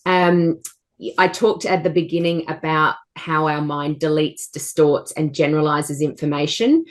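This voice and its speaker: Woman coach, very low voice, enthusiastic, encouraging. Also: unhurried. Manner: enthusiastic, encouraging, gives everyday examples. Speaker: co-host and coach. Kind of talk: casual coaching chat.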